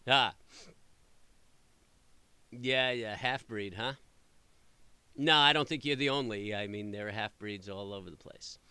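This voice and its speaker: A middle-aged man chatting casually with viewers, telling rambling, animated stories full of fillers. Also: fairly low pitch, measured pace, long pauses, smooth, dry recording. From New York area. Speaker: trading channel host. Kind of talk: casual chat answering live viewers.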